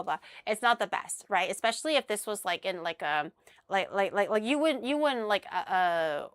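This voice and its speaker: A woman streamer chatting casually with her viewers, telling an animated story full of acted-out quotes. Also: medium pitch, no room sound, studio quality. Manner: animated storytelling, acts out quotes, frequent laughs.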